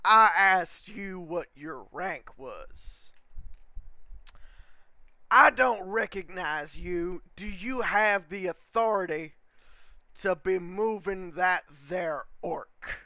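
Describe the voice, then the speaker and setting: A man's voice: high voice, vocal fry, sharp tone, no room sound, full character voice. A man putting on a scornful tobacco-chewing commander. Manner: slow, condescending, keeps calling the listener boy. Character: gruff tobacco-chewing male commanding officer.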